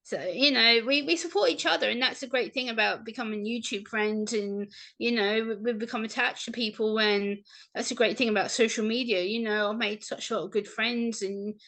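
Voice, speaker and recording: A woman guest on a casual podcast, talking with warm, gushing enthusiasm. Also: fairly high pitch, a little fast.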